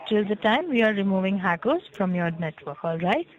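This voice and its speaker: A woman working as a scam caller posing as tech support, talking slowly and insistently on a scripted phone call and spelling out numbers one by one. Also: medium pitch, expressive. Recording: muffled lo-fi phone line.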